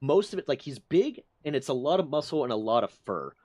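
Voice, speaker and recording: A male streamer telling stories to his chat with lots of cursing and plenty of animation. His voice sits at an ordinary mid pitch and sounds dry and close to the mic. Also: fairly quick, no echo. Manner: profane, animated storyteller. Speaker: livestream host. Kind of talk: casual storytelling to a stream chat.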